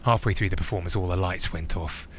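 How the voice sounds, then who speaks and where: A man's voice: sits low, fast, fairly bright tone, lo-fi sound, a little hiss or hum. An actor playing a man flying alone, who talks in a reflective, digressive way with small hesitations. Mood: musing. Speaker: narrator-pilot. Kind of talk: theatrical monologue.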